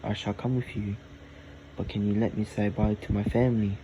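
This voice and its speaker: Brief: a man doing a modest young peasant, earnest and plain, low even voice, air-conditioner hum behind. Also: moderate pace, natural voice.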